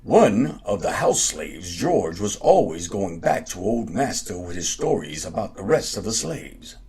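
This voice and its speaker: A man hosting a show and reading a folktale aloud in a lively, unhurried way. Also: low-pitched, gravelly, breathy edge. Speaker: podcast host and storyteller.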